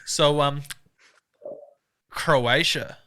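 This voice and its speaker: A man's voice: a little high, extremely slow, sharp tone, clear, resonant tone. A man hosting a casual podcast interview, easygoing with short reactions. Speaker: podcast host.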